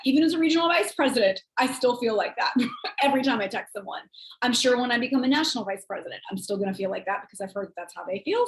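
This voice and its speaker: A woman who leads a sales team gives a casual, chatty, rambling coaching talk, acting out quoted texts in a higher voice. The sound is roomy and the recording quality is low.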